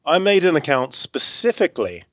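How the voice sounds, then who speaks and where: A man hosting a podcast, reading out fan reviews in a dry, deadpan way during casual banter. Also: on the high side, normal speed, no room sound.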